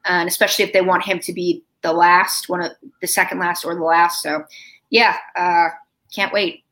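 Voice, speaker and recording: A woman being interviewed, telling a family story in a lively, chatty way and acting out the quoted lines. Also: on the low side, normal speed, poor audio. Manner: animated, acts out quoted dialogue.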